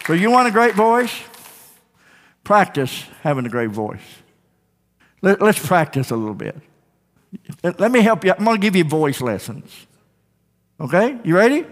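A male pastor preaching a sermon in a church, emphatic and rising to shouts, calling for responses from the congregation. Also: high-pitched, big pitch swings, moderate pace, pauses often. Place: church sanctuary. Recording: long hall reverb.

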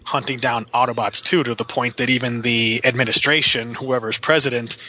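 A man's voice: mid-range voice, fairly even intonation, a little fast, sharp tone, rough recording. A man in casual movie review chat, wry, talking in long run-on riffs.

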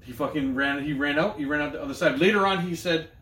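A man, co-hosting a podcast and telling a long story in a loose, profane, animated way. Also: on the high side, fast talker, slight background noise. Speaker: podcast co-host. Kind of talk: casual storytelling chat. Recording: echoey room.

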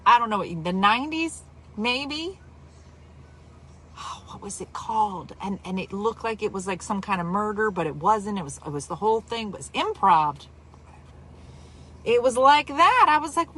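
A woman from New Jersey telling a story in casual chat, animated and exaggerated, with quick asides. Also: mid-range voice, slight background noise.

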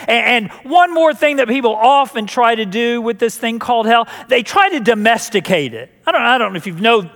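Man, pastor, sermon, high voice, jokey, stumbles and restarts, long hall reverb. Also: a bit bright. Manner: jokey, with repeated words and restarts.

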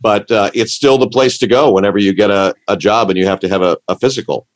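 A man with a lowish voice chatting casually. He rambles and restarts his sentences, warmly enthusiastic as he goes. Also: quick pace. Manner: rambling, self-interrupting, enthusiastic. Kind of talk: casual chat.

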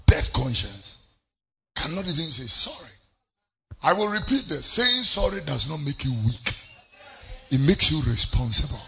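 A man with a Ghanaian accent preaching a sermon, repeating his phrases and breaking into sudden shouts. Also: fairly high pitch, sing-song, measured pace, pauses often, husky. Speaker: pastor.

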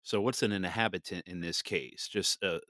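A podcast host who cuts in politely with quick questions. His voice sits low, and the sound is dry and close. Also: sharp tone, no echo. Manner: interjects with quick questions and brief agreements. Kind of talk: casual interview chat.

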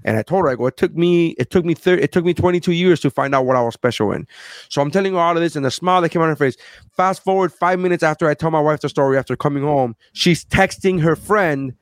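A man tells a story in casual chat, playing out each person he quotes. His voice sits a little high for a man. The sound is close and dry. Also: quick pace, no room sound. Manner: animated, acts out quoted people.

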